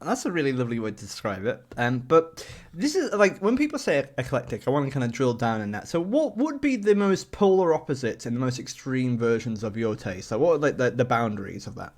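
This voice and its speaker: A man's voice: medium pitch, a little fast. A man hosting a casual podcast chat, laughing often and telling stories with energy. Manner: laughs often, lively storytelling. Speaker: podcast host.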